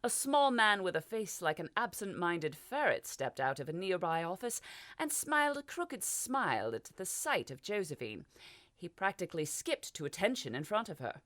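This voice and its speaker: A woman narrates a fantasy audiobook in a lowish voice. Her reading moves up and down with a lot of life. The sound is dry and close to the mic. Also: very animated, moderate pace, a bit bright, dry recording. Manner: voices characters with small shifts. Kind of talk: scripted narration.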